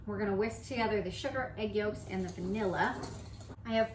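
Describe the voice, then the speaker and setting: A young woman hosts her own baking show from her home kitchen, explaining each step casually and joking at her own expense. Her voice rings in an echoey room. Construction noise carries in clearly from outside. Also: mid-range voice, brisk. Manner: playful, self-mocking, jokey asides. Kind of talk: casual cooking tutorial.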